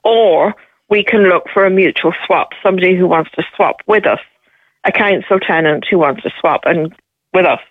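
A middle-aged woman calling a radio show, telling her situation in a steady, matter-of-fact way with pauses and ums. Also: fairly low pitch, dry recording. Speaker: caller. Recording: tinny phone line.

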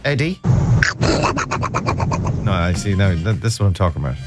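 A man's voice: deep voice, very animated, moderate pace, loud music behind the voice. A man hosting a radio show, rambling and self-mocking as he chats and bluntly teases callers. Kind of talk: casual radio chat.

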